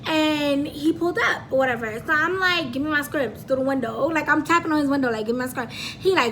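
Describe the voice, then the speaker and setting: Animated high-voiced young woman telling a story. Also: slight background noise. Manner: animated, dramatic retelling with acted-out quotes; slangy, frequent swearing. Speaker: vlogger. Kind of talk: casual storytime vlog.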